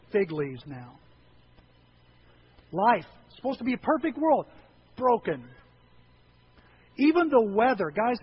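A man preaching a sermon to his church, swinging between hushed asides and loud, animated outbursts. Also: high voice, lo-fi sound, slight background noise. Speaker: pastor.

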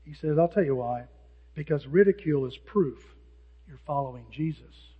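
Male pastor, high husky voice, animated sermon, dull recording with long church reverb. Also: moderate pace. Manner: animated, acts out hecklers' lines. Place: church sanctuary.

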